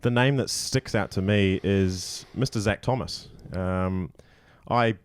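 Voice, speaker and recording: A man's voice: low voice, slow, clear, resonant tone. A man co-hosting a podcast, teasing and emphatic as he chats and breaks down results. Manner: teasing, emphatic, prone to restarts. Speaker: podcast co-host. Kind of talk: casual chat and leaderboard breakdown.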